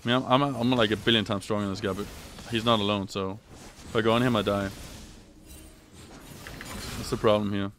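A young man commentating his own gameplay on a live stream, swearing, trash-talking and yelling when excited. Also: on the low side, brisk, pauses often, a little hiss or hum. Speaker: gaming streamer.

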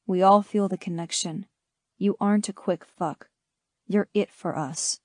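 A woman voicing an intense, adoring young man in an audiobook, speaking in a low, earnest murmur. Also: fairly even intonation, a little slow, darkish tone, no echo, studio quality, natural voice.

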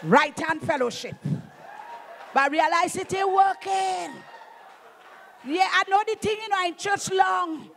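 A middle-aged Trinidadian woman preaches from the pulpit with fervour. She hammers her points home, calls out to the congregation, and rises into shouts as the sermon builds. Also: very high-pitched, a little slow, vocal fry, long pauses, a little hiss or hum. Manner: fervent, emphatic preaching with call-outs and bursts of shouting. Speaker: pastor.

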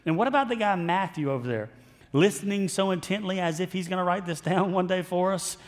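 A man's voice: sits high, fairly quick, voice pushed up, natural voice. A man voicing bewildered male disciples who protest to their teacher in disbelief during a sermon. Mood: incredulous. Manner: incredulous, protesting. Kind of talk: sermon storytelling.

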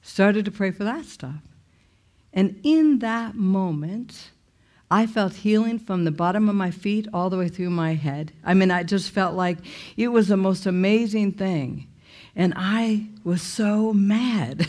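A woman's voice: mid-range voice, takes it slowly, darkish tone. A woman sharing a personal testimony in a conversational, emotional way. She uses many fillers and restarts, and her voice jumps up sharply when she quotes her own angry words.

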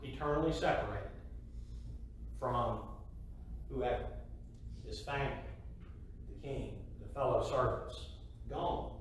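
A man's voice: medium pitch, takes it slowly, long pauses. A middle-aged man preaching a sermon, emphatic, repeating key phrases and asking the congregation rhetorical questions. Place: church sanctuary. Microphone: distant mic. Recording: very echoey hall from a distance, faint hiss.

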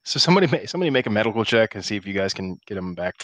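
A man narrating as game master for a tabletop role-playing session, talking in halting bursts with many restarts. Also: on the low side, very animated, fairly bright tone, no echo. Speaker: dungeon master.

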